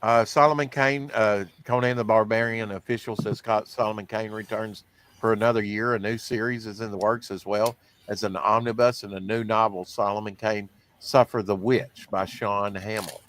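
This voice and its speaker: A man's voice: on the low side, steady tone, moderate pace, a bit bright, a little hiss or hum. A man hosting a comics podcast, reading news in a rambling, casual way, with lots of fillers. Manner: rambling, filler-heavy, self-deprecating. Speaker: podcast host.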